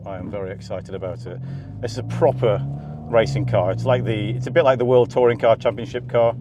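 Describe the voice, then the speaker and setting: A man giving excited, laughing commentary from inside a car on a race track. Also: fairly low pitch. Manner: enthusiastic, laughing often. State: out of breath. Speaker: car vlogger. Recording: car and track noise behind.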